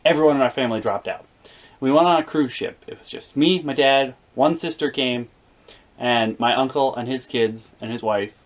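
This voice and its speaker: A young man with an American accent tells a funny storytime in a mid-pitched voice. He is animated and sarcastic, punching some lines loudly and mumbling others under his breath. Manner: animated, sarcastic, swings between loud and mumbled. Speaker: YouTuber telling a story. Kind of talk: comedic storytime.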